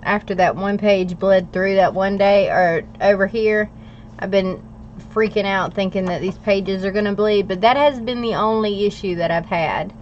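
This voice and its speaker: A woman's voice: mid-range voice, fairly even intonation, moderate pace, a little mellow, dull audio, slight background noise. Chatty American woman, laughing often. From United States. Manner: chatty, laughs often, talks while working. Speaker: planner livestream host. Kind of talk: casual chat with live viewers.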